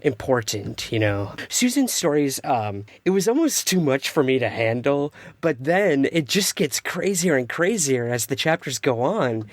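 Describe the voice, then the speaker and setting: A male podcast host who thinks aloud in a reflective, conversational way. His voice is mid-pitched and sounds dry and close to the mic. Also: big pitch swings, unhurried, hardly any pauses, no room sound. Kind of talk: casual interview chat.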